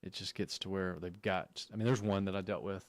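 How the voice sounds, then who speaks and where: A man appearing as a real estate guest on a radio show, telling relaxed anecdotes and saying "you know" a lot. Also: low-pitched, fairly quick, dry recording. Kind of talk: casual radio chat.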